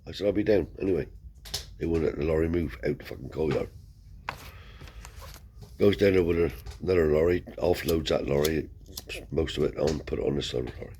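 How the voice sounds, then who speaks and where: A man with a very low voice spins a long, rambling tale in broad, everyday speech. He swears freely and slips into the voices of the people in his story. There is a faint hiss behind him. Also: a little fast, long pauses, mellow. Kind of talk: casual spoken anecdote.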